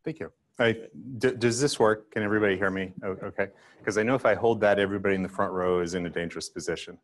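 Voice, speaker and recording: An older man speaking at a tech event, with a fairly low voice. He tells his stories with self-deprecating humor and slips into playing his younger self. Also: steady tone, fast. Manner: self-deprecating storytelling, acts out his past self. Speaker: guest speaker. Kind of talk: conference talk with anecdotes.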